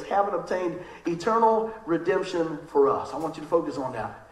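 A man preaches in a high voice, chatty and lively, acting out the people he quotes. His sermon rings through an echoey church room. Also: normal speed. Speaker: pastor. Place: church sanctuary.

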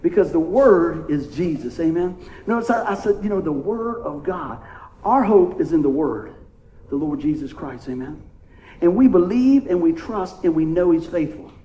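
A high-pitched man delivers a playful, conversational sermon. He keeps checking in with the congregation as he preaches. The room rings with echo around his voice. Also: animated, normal speed, mellow, highs cut off. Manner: playful, call-and-response preaching with frequent "amen?". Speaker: pastor.

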